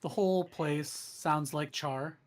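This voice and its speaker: A woman narrating a tabletop game as game master, loose and unhurried, often laughing. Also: low voice.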